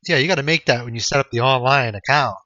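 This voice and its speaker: A man's voice: medium pitch, fast, pushed and bright, dry recording. A young man from Canada chatting casually with his live-stream audience, laid-back and swearing freely as he chuckles through replies. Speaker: game streamer. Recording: dull lo-fi stream audio.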